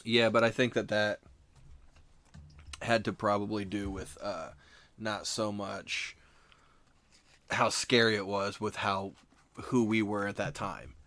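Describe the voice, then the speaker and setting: A man's voice: lowish voice, little pitch movement, slow, pauses often, a bit bright. A man co-hosting a casual podcast, telling stories in a rambling, self-correcting way and mimicking what others said. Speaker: podcast co-host. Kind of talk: casual chat.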